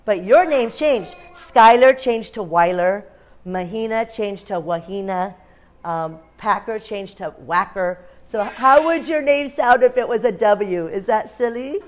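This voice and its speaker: A kindergarten teacher, speaking a little slowly in a medium-pitched voice, reads a picture book aloud to young children in her classroom. She asks them questions and makes animal sounds along the way.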